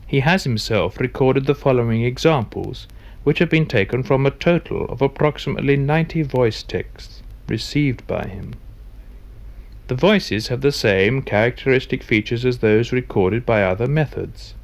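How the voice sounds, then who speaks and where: A man reading scripted documentary narration in a measured, formal way. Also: medium pitch, lively intonation, creaky.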